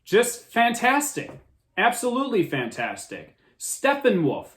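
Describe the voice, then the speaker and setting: A young man hosting his own movie review show, gushing and complaining in one long excited ramble. His voice sits high and swings widely up and down as he trips over his words and starts sentences over. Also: normal speed. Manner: excited, rambling, restarts a lot. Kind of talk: casual movie review monologue.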